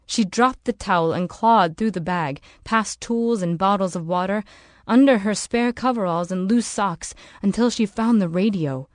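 Brief: woman audiobook narrator, mid pitch, measured, dry close recording. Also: no echo.

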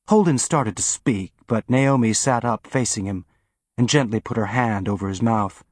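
A man narrating an audiobook in an even, steady reading style. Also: on the low side, moderate pace, no echo, studio quality. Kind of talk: scripted narration.

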